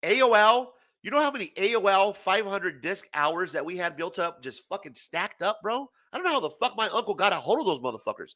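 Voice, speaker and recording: Animated, profane male talk-show host. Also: sits high, brisk, few pauses. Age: 40s. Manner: profane, animated, laughs often. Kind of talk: casual late-night rant.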